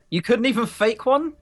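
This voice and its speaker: A man bantering on a live stream, joking around and teasing his co-host. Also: very high voice.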